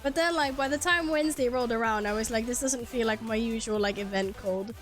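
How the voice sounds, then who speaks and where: A young woman who is a native Swedish speaker, live-streaming a game into a headset mic, chatty and animated, swearing freely and laughing often. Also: a little high, a little fast, soft background music. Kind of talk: casual live-stream chat.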